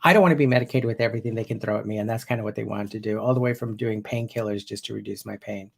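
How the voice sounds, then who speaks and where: A man's voice: on the low side, rapid-fire, creaky, husky. A man in his fifties, a hypnotherapist, teaching viewers in a loose, conversational way and often restarting his sentences. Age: 50s. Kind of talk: casual spoken teaching to viewers.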